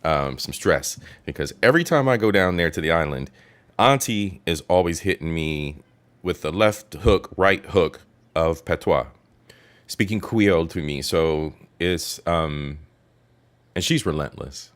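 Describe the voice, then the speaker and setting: A man's voice: deep voice, lively intonation, unhurried. A male host chatting playfully, reacting to a language lesson and repeating words back. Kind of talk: casual reaction commentary.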